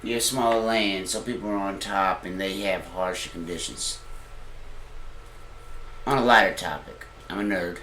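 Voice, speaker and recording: A man co-hosts a casual podcast, talking in a laid-back, earnest and slangy way. His voice sits very low, and the room around him rings with echo. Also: moderate pace, long pauses, sharp tone, slight background noise. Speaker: podcast co-host. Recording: roomy echo.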